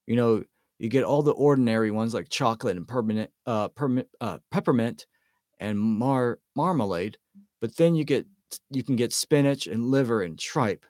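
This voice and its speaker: A man's voice: mid-range voice, animated, moderate pace, darkish tone, no room sound, clean studio sound, lightly acted. A man voicing a chatty young wizard boy who talks casually and grumbles.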